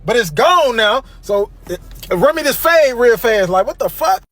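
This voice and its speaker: A man with a fairly high voice rants in a loose, animated way. He swears freely and circles back over the same points. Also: normal speed. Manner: animated, profane, repetitive. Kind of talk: casual rant to camera.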